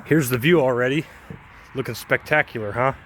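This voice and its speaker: A man's voice: mid-range voice, fairly quick. Breathless man narrating a tower climb. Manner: chatty, excited narration. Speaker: vlogger. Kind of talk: casual narration while climbing. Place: top of a tall outdoor tower. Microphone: handheld phone camera. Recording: outdoor phone recording with noise.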